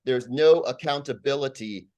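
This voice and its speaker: A man's voice: medium pitch, moderate pace, darkish tone. A man giving a rambling, aggrieved public comment at a community meeting, full of fillers and repeated words.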